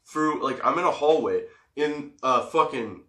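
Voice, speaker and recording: A man's voice: a little high, expressive, measured pace, bright, forceful tone. A man hosting a podcast, telling stories in a casual, profane way and laughing often. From Canada. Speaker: podcast host. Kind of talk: casual storytelling. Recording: roomy echo.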